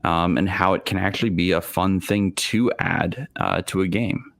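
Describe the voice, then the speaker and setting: Deep-voiced man explaining game rules. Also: fairly even intonation, normal speed, creaky, fairly bright tone. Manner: thoughtful, explanatory, with fillers. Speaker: panelist on a tabletop gaming stream. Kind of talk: casual chat about game mechanics. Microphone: studio microphone.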